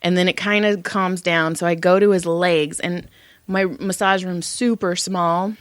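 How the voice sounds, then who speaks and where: A middle-aged woman, a massage therapist co-hosting a podcast, telling stories in a lively, profane casual chat and acting out the voices. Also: on the low side, measured pace, no room sound, studio quality. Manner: animated, profane storyteller who acts out voices.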